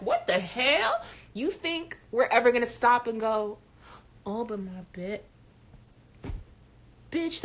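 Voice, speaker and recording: Animated, swearing woman chat-show host. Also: mid-range voice. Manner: animated and frank, swears casually. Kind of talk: casual live chat show talk.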